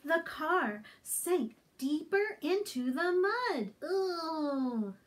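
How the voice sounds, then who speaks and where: A woman librarian reading a picture book aloud to toddlers, with an animated, sing-song delivery and questions to her young listeners. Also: high voice, slow pace. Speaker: children's librarian. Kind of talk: toddler storytime read-aloud.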